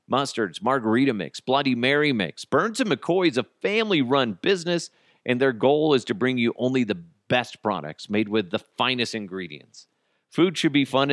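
A man in his thirties hosting a podcast, ranting crudely and comically with sudden jumps in pitch. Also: a bit bright, no echo, studio quality. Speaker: podcast host. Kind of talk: casual comedic monologue.

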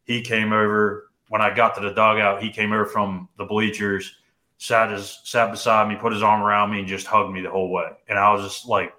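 A young man co-hosting a podcast, telling a personal story in casual chat, animated and full of "dude" and "like". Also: on the low side, brisk, reverberant. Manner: animated, says "dude" and "like" often. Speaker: podcast co-host.

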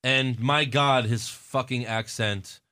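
A man's voice: medium pitch, steady tone, takes it slowly, sharp tone. A man from Texas hosting a casual podcast, joking and swearing freely. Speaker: podcast host.

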